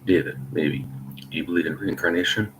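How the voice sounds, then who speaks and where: A man's voice: low-pitched, fairly quick, fairly bright tone, a little hiss or hum, low-quality recording. A man reading the lines of a blunt, teasing woman lover in his own voice.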